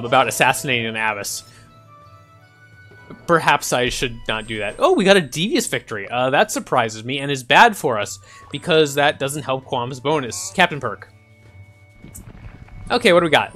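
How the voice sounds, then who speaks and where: A man's voice: on the high side, fairly bright tone. A man casually commenting on a strategy game as he plays, thinking aloud with frequent ums and small chuckles. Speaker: gaming channel host. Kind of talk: casual let's-play commentary.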